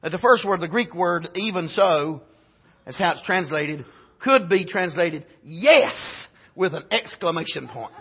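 A man with a strikingly high, husky voice preaches a sermon, rising to fervent shouts and then sinking to low, hushed remarks. The recording sounds dull and lo-fi. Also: expressive, unhurried. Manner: swings from shouted high exclamations to low quiet asides.

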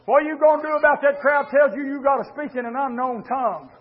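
Preacher man, really high voice, fervent, muffled old recording. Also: fast talker. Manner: fervent, rhythmic preaching with calls to the congregation. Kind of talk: sermon. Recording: dull lo-fi sermon recording.

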